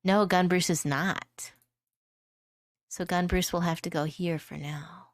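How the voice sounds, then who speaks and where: Playful low-voiced woman streamer. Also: steady tone, slow, no echo, clean studio sound. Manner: rambling, playful, jokey, laughs often. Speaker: vtuber streamer. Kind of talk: casual livestream chat while drawing.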